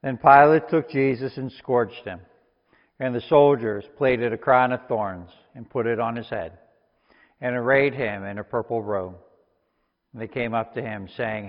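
A man's voice: medium pitch, steady tone, a little slow. Man reading scripture in a reverberant hall. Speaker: scripture reader. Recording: long reverb, dull lo-fi sound.

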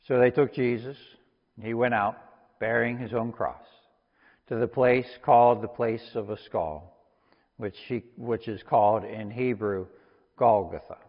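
A man giving a steady, unhurried scripture reading. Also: mid-range voice. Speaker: scripture reader. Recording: long reverb, dull lo-fi sound.

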